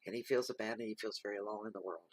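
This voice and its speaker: A man giving a slow, reflective spoken tarot reading, reading card keywords aloud. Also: fairly low pitch, steady tone, dry recording. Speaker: tarot reader.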